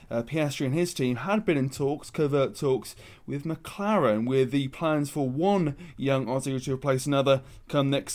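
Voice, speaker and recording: A man's voice: on the high side, darkish tone. A man co-hosting a casual podcast, chatty and opinionated as he lays out the news. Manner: chatty, opinionated, presents the news then hands over. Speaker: podcast co-host. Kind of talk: casual motorsport discussion.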